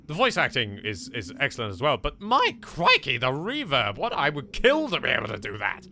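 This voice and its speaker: Animated English man joking through a game. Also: medium pitch, moderate pace, creaky, hardly any pauses. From England. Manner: animated, jokey, talks to objects, swears. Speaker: let's play host. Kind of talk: casual gameplay commentary.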